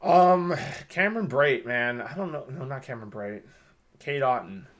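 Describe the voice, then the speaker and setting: A man co-hosting a casual sports podcast, excitable and rambling, swearing often as he talks. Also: medium pitch, moderate pace. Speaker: podcast co-host.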